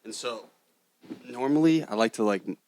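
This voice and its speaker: A man's voice: mid-range voice, moderate pace, darkish tone, slight background noise. A man hosting a podcast, chatting casually, laughing often and rambling loosely. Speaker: podcast host. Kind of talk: casual chat.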